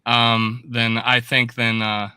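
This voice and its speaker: A man chatting on a sports podcast in a very bright, smooth, resonant voice. He pokes fun at himself and restarts his sentences often. The sound is close and dry. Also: mid-range voice, takes it slowly, no room sound. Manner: self-deprecating, animated, trips over words. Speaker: guest podcaster. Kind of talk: casual sports podcast chat.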